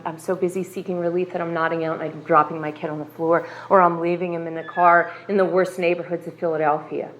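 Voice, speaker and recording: A woman's voice: lowish voice, a little hiss or hum. A woman in her thirties from the US sharing an earnest, confessional personal testimony at a recovery meeting, emphatic and full of asides like "like" and "right".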